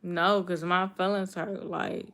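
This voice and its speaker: A young woman chats on her livestream and answers comments. Her voice is low and gravelly, and she talks in a hurt, halting way, often repeating herself. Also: flat delivery, fairly bright tone. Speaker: livestream host. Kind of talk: casual live chat reading comments.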